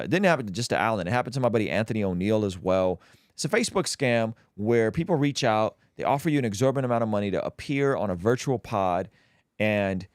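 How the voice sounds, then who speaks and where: A man's voice: fairly low pitch, no room sound, clean studio sound. A man hosting a casual livestream, talking animatedly and bantering with his co-host. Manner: animated, quick to laugh, banter-driven.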